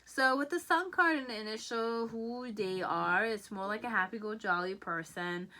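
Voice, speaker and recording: In this laid-back pick-a-card session, the tarot reader rambles and chats, often tossing in "okay?" and "you know." She speaks at a moderate pace in a slightly high, bright, forceful voice.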